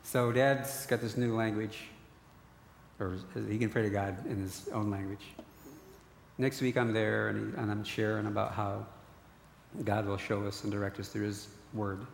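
This lowish male voice barely moves in pitch, speaking at a moderate pace with some vocal fry. He's a middle-aged guest earnestly recounting his faith testimony, restarting again and again, in a hall with echo and slight background noise.

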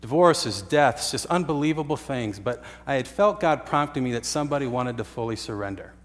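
A man's voice: mid-range voice, lively intonation, brisk, long reverb tail. A man preaching a sermon, telling a story earnestly with uhs and restarts. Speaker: pastor.

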